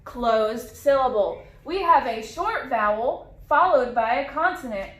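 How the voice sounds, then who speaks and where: A woman teacher leading a phonics lesson for young children, modeling sounds slowly and clearly with lots of repetition. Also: on the high side, expressive. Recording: echoey room.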